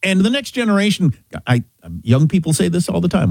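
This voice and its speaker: A man's voice: high voice, sing-song, fairly quick, creaky, darkish tone, slightly rough, no room sound. A middle-aged man from Kansas hosting a talk show, telling a story in casual chat with emphatic restarts. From Kansas, USA.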